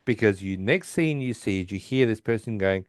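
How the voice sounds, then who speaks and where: A man's voice: lowish voice, lively intonation, moderate pace, smooth, no echo, studio quality. A man hosting a podcast, casually retelling a TV episode in a rambling way with many restarts. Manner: rambling, with restarts and quoted voices. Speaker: podcast host.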